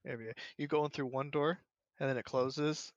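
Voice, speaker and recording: Animated man in a dry room. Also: medium pitch, fairly quick, dry recording, dull audio. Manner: animated storytelling, acting out his own past thoughts. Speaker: podcast co-host. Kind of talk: casual chat.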